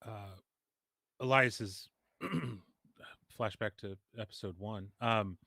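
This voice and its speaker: A man's voice: fairly low pitch, fairly even intonation, slow pace, pushed and bright, no room sound, clean studio sound. A man playing a tabletop game, hesitant and laughing often. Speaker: player. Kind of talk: casual tabletop play.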